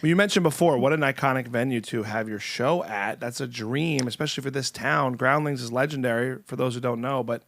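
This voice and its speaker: A man hosting a casual podcast chat, joking around and rambling in an animated way. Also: mid-range voice, brisk, gravelly, hardly any pauses, slight background noise. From Italian-American. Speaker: podcast host.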